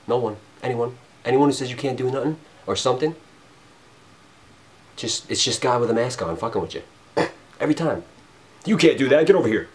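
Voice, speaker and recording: A man going off in an unscripted spiritual rant, rambling and cursing, swinging between loud emphasis and low mutters. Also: a little hiss or hum. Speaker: vlogger.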